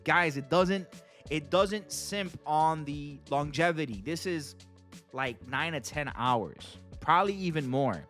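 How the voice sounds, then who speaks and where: A man's voice: on the high side, animated, takes it slowly, fairly bright tone, soft background music. A man hosting his own channel, giving a casual, enthusiastic product review to camera in slangy talk and calling out to his viewers again and again. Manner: enthusiastic, slangy, keeps addressing viewers as guys. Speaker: fragrance reviewer and channel host.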